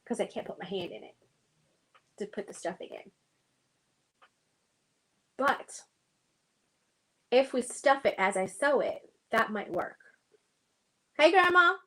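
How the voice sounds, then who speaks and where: A woman's voice: medium pitch, measured pace, pauses often, husky, rough recording. A woman hosting a casual sewing livestream, thinking aloud and chatting to her viewers as she works.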